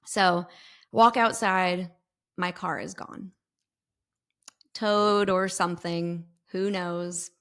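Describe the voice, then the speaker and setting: A woman guest on a podcast, telling a story in an animated, expressive way. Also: on the low side, drawn-out words, long pauses. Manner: animated, expressive, sings sound effects. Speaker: podcast guest, intuitive mentor. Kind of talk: storytelling in an interview.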